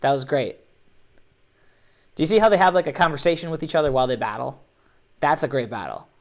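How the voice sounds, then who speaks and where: A man hosting a live online show, commenting on competition videos with animated, joking, playfully sarcastic energy. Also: on the high side, fast.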